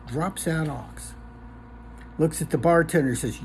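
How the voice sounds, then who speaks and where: A man telling a long joke in a relaxed, casual way, with lots of ums and uhs. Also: on the high side, measured pace, slight background noise. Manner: relaxed, filler-heavy storytelling.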